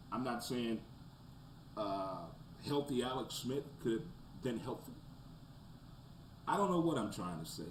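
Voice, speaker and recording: A man in the middle pitch range hosting a casual sports talk stream, jumping from loud, fired-up rants to low, muttered asides. His voice rings in a roomy space with a faint hiss of background noise behind it. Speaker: sports talk show host.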